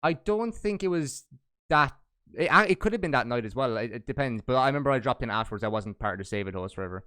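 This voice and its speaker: A man's voice: medium pitch, animated, fast, bright, forceful tone, clear, resonant tone, no echo, clean studio sound. A young man hosting a casual podcast, asking friendly questions with hesitant fillers. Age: young adult. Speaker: podcast host.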